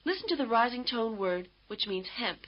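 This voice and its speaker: A woman giving measured, explanatory scripted narration for a language course. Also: on the high side, sing-song. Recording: dull lo-fi course audio.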